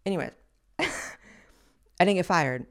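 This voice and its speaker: Sassy, profane woman host, lowish voice. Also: animated, unhurried. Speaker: podcast host. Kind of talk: blunt commentary on social media clips.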